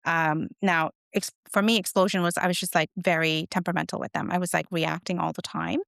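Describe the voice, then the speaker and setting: A woman's voice: lowish voice, little pitch movement, a little fast, vocal fry, fairly bright tone, no room sound, clean studio sound. A middle-aged woman, a guest author, telling stories in an earnest, reflective way during an interview. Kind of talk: conversational interview.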